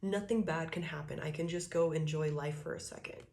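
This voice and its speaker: A woman's voice: low voice, steady tone, fairly quick, darkish tone. A woman giving a casual tarot reading, talking loosely and profanely, laughing often and acting out quoted thoughts. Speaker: tarot reader.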